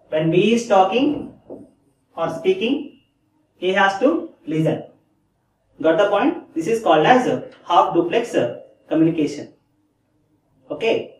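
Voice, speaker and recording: High-voiced lecturing man in echoey room. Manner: repeats key phrases, checks understanding with "Clear?". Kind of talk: classroom lecture. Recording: echoey room, distant mic.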